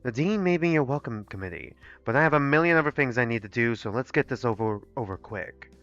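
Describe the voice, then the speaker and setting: A man puts on a sneering male dinosaur student leader from a dating game, bored and dismissive. His tone is bright and his pitch swings a lot, and the dry stream audio is a little muffled. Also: lively intonation, faint music behind. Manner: dismissive, rushed, lazily reading.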